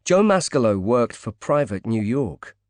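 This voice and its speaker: A man narrating a thriller audiobook in a measured, even reading. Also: medium pitch, no room sound. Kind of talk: scripted narration.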